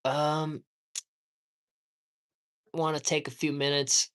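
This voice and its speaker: A man's voice: fairly high pitch, flat delivery, slow pace, fairly bright tone, smooth. A man ranting heatedly and profanely at home during a casual livestream, rambling and repeating himself for emphasis. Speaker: live streamer.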